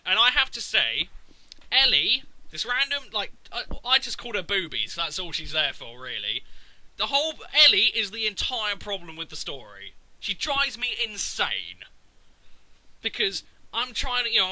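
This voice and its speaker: A man's voice: a little high, sharp tone, dry recording, rough recording. A man, ranting casually and profanely about a video game. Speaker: gaming video maker. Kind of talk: casual rant.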